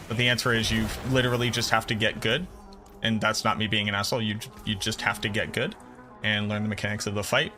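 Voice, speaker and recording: A man's voice: on the low side, bright, forceful tone. A man in his thirties with a Boston accent, chatting bluntly and profanely with viewers during a game stream. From Boston area, USA. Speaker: gaming streamer. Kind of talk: casual livestream chat with viewers. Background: game music.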